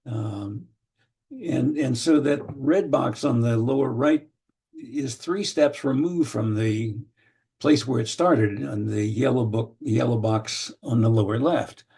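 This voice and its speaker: An older man teaching an online session in a mellow, gravelly voice. He explains at an unhurried pace, full of small fillers and restarts. The tone stays husky and relaxed throughout. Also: mid-range voice. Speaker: lecturer. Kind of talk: online training lecture.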